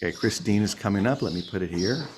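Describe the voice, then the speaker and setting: A man's voice: fairly low pitch, animated, fast, background noise. A man leading a morning spiritual session in a playful, humorous way, calling on listeners by name. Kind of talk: informal sermon.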